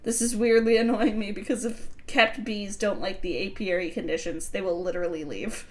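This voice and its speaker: A woman's voice: mid-range voice, fairly even intonation, moderate pace, few pauses, darkish tone. A woman streamer reading a film script aloud, breaking off for wry, profane comments. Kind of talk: comic script reading with asides.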